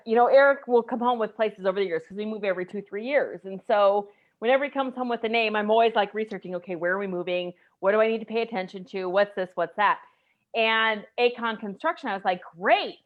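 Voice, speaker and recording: A woman in her forties from the United States, telling a personal story in a casual group chat, animated and emotional. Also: on the high side, phone-quality sound. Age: 40s.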